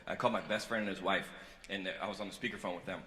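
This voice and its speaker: A male stand-up comedian on stage, telling personal stories, going from earnest confession to loud joking. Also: low voice, fairly even intonation, rapid-fire. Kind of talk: stand-up set. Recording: echoey hall with loud crowd. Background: audience laughter.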